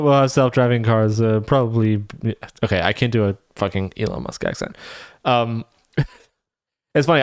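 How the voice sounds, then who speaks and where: A man's voice: medium pitch, clean tone, no room sound, studio quality. A man streaming live, reacting with profane, laughing, rambling commentary.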